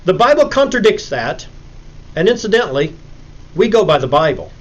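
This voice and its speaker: A man giving a recorded Bible lecture in a preacherly way, acting out little stories with sudden loud emphasis. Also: sits high, sing-song, normal speed, highs cut off.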